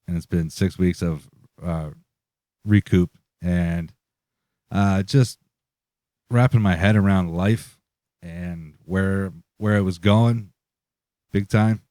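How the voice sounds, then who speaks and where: A man's voice: low voice, slow, long pauses, warm tone, no room sound, studio quality. A man, co-host of a casual podcast, telling a loose, profane story with frequent laughs. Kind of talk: casual chat.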